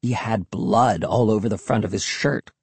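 A man voicing a frightened, jumpy young boy, speaking in a hushed, anxious, drawn-out way. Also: lowish voice, vocal fry, husky, no echo. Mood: nervous.

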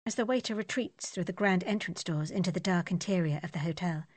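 A woman narrating an audiobook in a steady, descriptive manner. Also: on the low side, fast, no room sound.

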